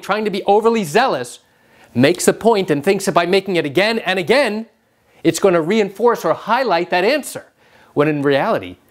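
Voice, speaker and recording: A middle-aged man, a personal injury lawyer, explaining a courtroom phrase to the camera in a lively way, acting out the quotes he tells. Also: high-pitched. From New York. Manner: animated, acts out courtroom quotes. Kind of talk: direct-to-camera legal explainer.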